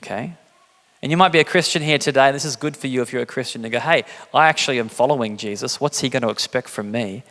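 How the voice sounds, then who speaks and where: In a church hall with audible reverb, a pastor from England gives a casual, joking sermon. He speaks fast with a fairly bright tone, performing quotes through big jumps in pitch.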